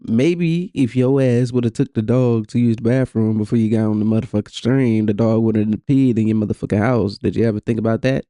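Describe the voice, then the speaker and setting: A man commentating casually on clips, blunt and profane, saying he is high. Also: fairly even intonation, a little fast, few pauses, warm tone, no room sound, studio quality. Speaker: reaction streamer.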